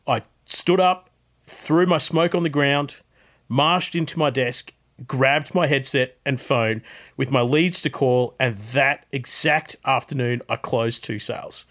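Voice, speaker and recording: A man's voice: medium pitch, fairly bright tone, natural voice. A man reading a listener's story in a put-on Australian accent, voicing a blunt ex-mechanic turned salesman.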